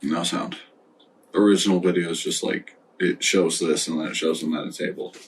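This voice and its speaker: A stoned man hosting a casual podcast chat, rambling and halting with many fillers. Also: deep voice, fairly even intonation, far from the mic, a little hiss or hum, poor audio. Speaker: podcast host.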